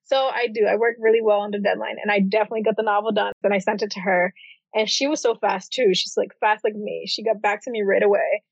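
A woman's voice: mid-range voice, fairly even intonation, fast, gravelly, husky, no echo. A young adult woman, an author, telling her story casually in an interview, with lots of "like" fillers. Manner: chatty, heavy use of "like". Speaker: author guest. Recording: dull, dry audio.

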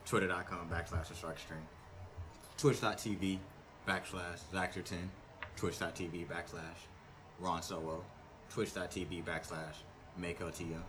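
A man's voice: low voice, level tone, measured pace, background noise. A young man co-hosting a stream, chatting casually in a laid-back, slangy way and rattling off plugs. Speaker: stream co-host. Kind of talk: casual chat.

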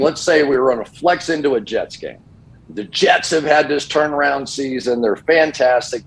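A middle-aged man, a football broadcaster, telling stories casually on a sports talk show and jumping up in pitch when he quotes people. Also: low-quality recording. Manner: animated, voice jumps when quoting people. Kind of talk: casual storytelling.

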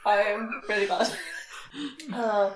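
A woman's voice: medium pitch, fairly even intonation, takes it slowly. A woman co-hosting a casual podcast chat, giggly and self-deprecating. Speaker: podcast co-host. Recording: echoey room with background noise.

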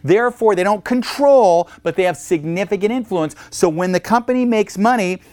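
Guy lecturing on accounting, lively and jokey, bit of a high voice, dry close mic. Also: moderate pace, no echo. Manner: lively, jokey, acts out little phone calls. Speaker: accounting exam instructor.

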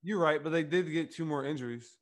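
A man's voice: on the high side, a little fast. A young man co-hosting a podcast, talking loosely with lots of fillers and swearing. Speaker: podcast co-host. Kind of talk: casual chat.

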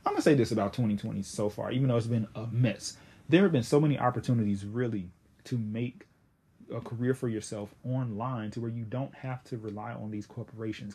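A young man in his late twenties hosting a podcast, chatting casually in a slangy, animated way with sudden high exclamations. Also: slightly rough. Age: 20s; young adult. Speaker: podcast host.

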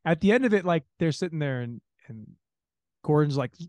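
A man's voice: a little high, very animated, quick pace, a little mellow, no echo. A man co-hosting a podcast, chatting casually and animatedly about a movie, swearing and mimicking the people he talks about. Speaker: podcast co-host.

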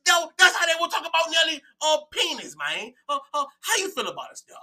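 Podcast guy, high voice all over the place, loud laughy and cussing, repeats himself a lot. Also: fast talker. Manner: animated, profane, repeats phrases, laughs often. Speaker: podcast co-host. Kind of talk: casual chat.

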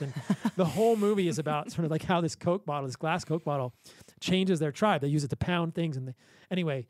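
A man with a fairly high voice talks casually as a physician guest on a podcast. He tells lively stories and laughs often, and the sound is close and dry, with no room echo. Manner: enthusiastic storyteller with frequent laughs.

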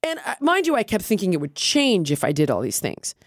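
Middle-aged woman venting on her podcast, animated, acts out quotes in little voices, swears a lot, dry close sound. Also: medium pitch, a little fast, dry recording. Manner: animated, quotes herself and others in lively put-on voices, swears freely. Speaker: podcast host. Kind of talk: candid casual chat.

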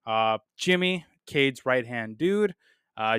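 A man reviews a film in a casual podcast monologue, his mid-range voice expressive, a little slow, fairly bright, clear and resonant. The sound is clean studio audio with no room sound, and he's blunt and dismissive, with plenty of "um"s and "uh"s.

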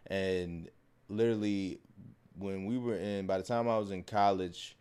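A young man hosting a podcast in a loose, slangy, animated way, swearing freely as he chats. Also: low-pitched, unhurried, smooth. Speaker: podcast host. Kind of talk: casual chat.

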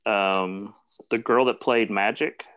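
A man's voice: lowish voice, fairly even intonation, slow, a bit bright, clean tone. A man co-hosting a podcast, chatting casually with a hesitant, apologetic manner. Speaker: podcast co-host. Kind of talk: casual chat.

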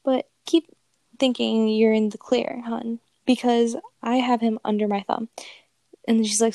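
Creaky young woman telling a story. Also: fairly high pitch, flat delivery, unhurried, warm tone, no echo. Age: young adult. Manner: profane, amused, reads texts aloud. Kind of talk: casual storytelling, reading out a chat.

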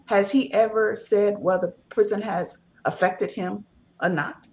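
A woman's voice: mid-range voice, steady tone, measured pace, a little mellow. A woman talking earnestly and emphatically in a casual discussion, giving encouraging advice. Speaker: author and guest.

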